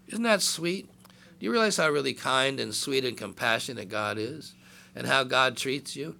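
An older man in his sixties gives a chatty sermon, full of asides and jokes to the people in front of him. His voice is gravelly with a bright, forceful edge, and it rises whenever he reads scripture aloud. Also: fairly high pitch, expressive, moderate pace. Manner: conversational preaching with asides and jokes. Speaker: pastor.

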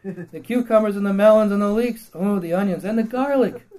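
A man preaching in a fairly high voice, reading scripture aloud and then putting it in plain, blunt everyday words. He laughs often and puts questions to his listeners. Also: fairly quick, mellow, low-quality recording. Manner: reads King James verses, then paraphrases them in blunt slang with laughs; addresses the congregation with questions.

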